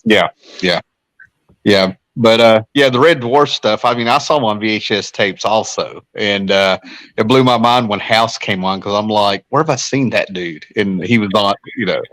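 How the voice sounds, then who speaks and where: Low, bright-voiced man chatting. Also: normal speed, no room sound. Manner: chatty, self-deprecating, rambling. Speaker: podcast panelist. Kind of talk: casual chat.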